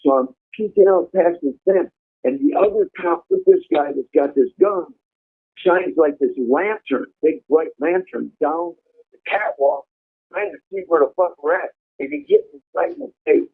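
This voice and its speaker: A man's voice: sits high, big pitch swings, normal speed, creaky, breathy edge. A man telling a prison story in a blunt, vivid way, swearing freely as he goes. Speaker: storyteller recounting prison life. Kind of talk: casual profane storytelling. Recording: tinny phone-like line.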